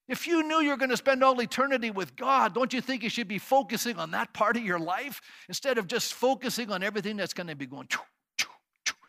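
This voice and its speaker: A man with a high, bright voice preaches a sermon. He reads scripture, then drives his points home with emphatic repetition and rhetorical questions. At times he adds playful sound effects. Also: vocal fry. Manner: uses sound effects and asks the congregation questions. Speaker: pastor.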